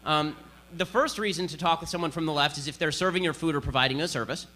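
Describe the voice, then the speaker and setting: A man's voice: a little high, quick pace, sharp tone, a little hiss or hum. A man giving a combative political speech to an audience, sarcastic and emphatic. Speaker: conservative speaker.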